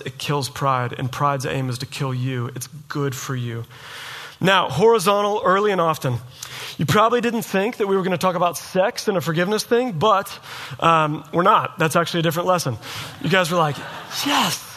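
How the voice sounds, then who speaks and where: A middle-aged man preaching a sermon, emphatic and animated, sometimes mimicking his listeners in mock voices. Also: a little high. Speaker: pastor.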